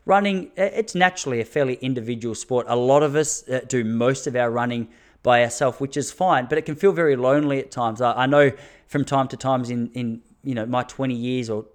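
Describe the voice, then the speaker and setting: A man's voice: mid-range voice, a little fast. A man, a running coach talking frankly to his listeners in a casual solo podcast, with fillers and restarts. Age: 30s.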